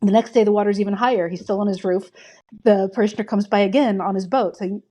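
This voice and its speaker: Lady on a podcast telling a long joke, mellow warm tone, does the voices. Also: mid-range voice, brisk. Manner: storytelling, acts out quoted voices. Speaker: podcast co-host. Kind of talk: casual chat, telling a joke.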